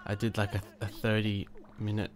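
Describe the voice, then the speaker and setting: A man with a fairly low voice, stuffed up from a cold, rambles through casual gameplay commentary. He chuckles often and trips over restarts and fillers. Faint music plays under his talk. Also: monotone, normal speed. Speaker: gaming channel host. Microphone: new desk microphone.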